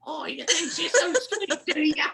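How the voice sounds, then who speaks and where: Brief: taunting old queen voiced by a woman, very high and bright, scolding. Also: animated, normal speed, creaky, exaggerated voice. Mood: mocking. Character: haughty, sharp-tongued elderly queen.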